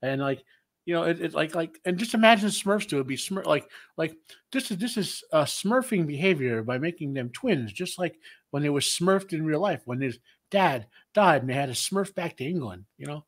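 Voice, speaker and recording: Blunt, high-pitched man interrupting. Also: expressive, moderate pace. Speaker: co-host of a reaction video. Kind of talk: casual group commentary.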